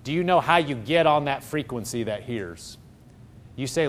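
A man preaching a sermon, swinging from loud, excited exclaiming to low, hushed tones. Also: normal speed.

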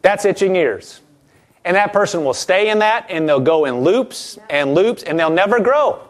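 A man with a high voice delivers a sermon, lively and conversational. He slips into quoted voices and slows down to read scripture. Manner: animated, acts out quoted voices, reads scripture slowly. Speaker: preacher.

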